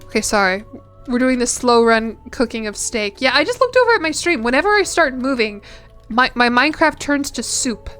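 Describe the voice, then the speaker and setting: Young woman, streamer chat, rambling and self-mocking, clear smooth voice. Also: on the high side, sing-song, a little fast, a bit bright, soft background music. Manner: rambling, chatty, self-deprecating. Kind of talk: casual chat while gaming.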